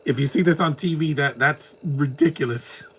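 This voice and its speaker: A man's voice: on the high side, normal speed, fairly bright tone, husky. A man from New York with a New York accent, giving casual live commentary on a movie with joking, laughing reactions. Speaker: movie watch-along commentator.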